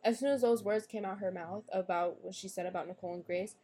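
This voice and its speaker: A woman's voice: mid-range voice, steady tone, fast talker, dark tone, slight background noise. A young woman guest on a podcast, bluntly and profanely retelling a falling-out with friends in casual chat. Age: young adult. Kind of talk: casual storytelling.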